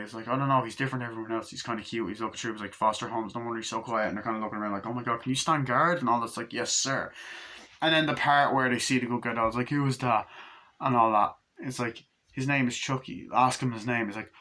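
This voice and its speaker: A man's voice: mid-range voice, bright, forceful tone. A man giving a casual, profane movie review, rambling through scenes and acting out quoted lines in passing.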